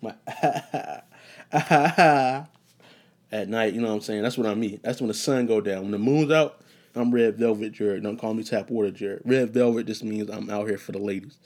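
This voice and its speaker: A man's voice: on the low side, steady tone, quick pace, a little mellow. A young man hosting a solo podcast, rambling and joking, profane and casual, wandering off topic. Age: young adult. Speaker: podcast host.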